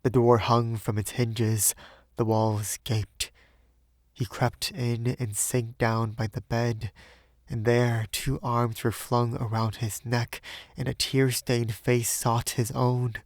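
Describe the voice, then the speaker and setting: Brief: male audiobook reader, mid-pitched, dry close mic, rambling and self-deprecating in his afterword. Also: little pitch movement, slow pace, no room sound. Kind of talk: audiobook narration with casual afterword.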